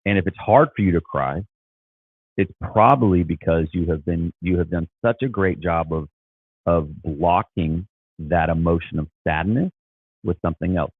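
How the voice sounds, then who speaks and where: A man's voice: sits low, moderate pace, slightly rough, dry recording, narrow, tinny audio. A man talking as a Christian life coach, earnest and encouraging, often repeating and restarting his words. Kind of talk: casual motivational talk.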